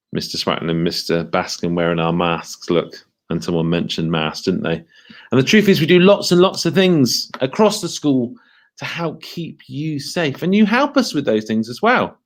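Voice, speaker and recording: Guy teacher doing school assembly, lowish voice, asks kids lots of questions, slows down on key words. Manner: lively, questioning, speaks slowly and stresses key safety words. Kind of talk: livestreamed school assembly talk to children.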